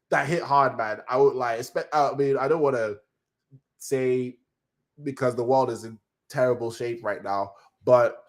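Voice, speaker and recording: A man giving a casual live-stream review, excitable and slangy, rambling with many restarts and now and then jumping into high cries when moved.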